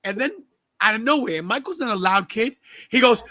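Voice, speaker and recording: A man with a high, bright voice co-hosting a casual wrestling watch-along. His pitch swings widely as he tells stories and bursts into shouted quotes. The sound is dry and close-miked. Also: moderate pace, no echo. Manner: lively, shouts when acting out quotes. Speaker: podcast co-host.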